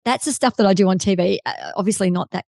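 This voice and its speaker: An Australian woman, a TV presenter and keynote speaker, telling an effusive, animated story in a podcast interview. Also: medium pitch, fast, creaky. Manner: effusive, animated storyteller who voices quoted people. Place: podcast studio.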